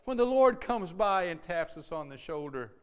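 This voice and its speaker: Preacher guy, smooth clear voice, bit high, goes loud and pleading then real soft. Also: sing-song, moderate pace. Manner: swings between impassioned pleading and soft, hushed asides. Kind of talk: sermon.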